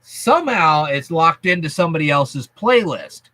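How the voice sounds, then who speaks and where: A man with a fairly high, bright voice that swings widely in pitch as he talks. He explains things to his viewers in a folksy, chatty and emphatic way. The sound is dry and close. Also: animated, normal speed, no echo. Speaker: YouTube channel host. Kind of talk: casual vlog explaining to viewers.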